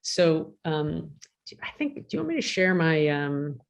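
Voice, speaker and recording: A woman sports psychologist giving a casual talk over a video call, lively, with many restarts and "right?" tags. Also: low-pitched, measured pace, creaky. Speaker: guest speaker, sports psychologist.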